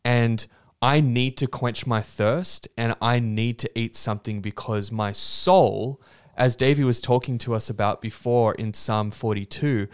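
A man speaks earnestly about faith on a studio podcast. His voice sits in an ordinary middle pitch, and he reflects with loose fillers and restarts. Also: steady tone, unhurried, smooth. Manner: earnest, preachy, fond of "you know" and "um". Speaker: podcast co-host. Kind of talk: casual faith discussion.

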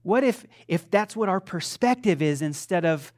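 A man's voice: sits high, animated, normal speed, a little mellow. A man preaching a sermon as a pastor. He talks conversationally, makes self-deprecating remarks, often restarts his sentences, and quizzes the congregation. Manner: asks the congregation questions.

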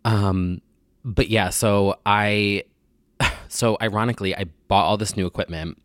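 Low, slightly nasal podcast host. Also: male voice, fairly even intonation, moderate pace, fairly bright tone, dry recording, clean studio sound. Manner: rambling, joking, crude. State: getting over a sinus infection. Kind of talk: casual solo podcast chat.

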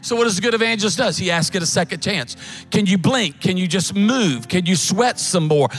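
A middle-aged man, preaching a sermon as a pastor in folksy, animated storytelling with quick asides. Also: high-pitched, faint music behind.

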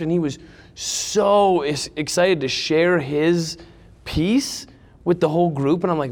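A man being interviewed as a company co-founder, talking eagerly in casual chat and leaning on filler words. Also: fairly high pitch. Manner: eager, rapid, full of "like" fillers. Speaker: company co-founder, podcast guest.

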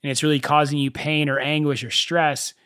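Young male solo podcaster, animated storyteller, slightly high voice, dry close sound. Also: a little fast, clean tone, no echo. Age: young adult. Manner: animated storyteller, swears freely. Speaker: podcast host. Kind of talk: casual solo podcast monologue.

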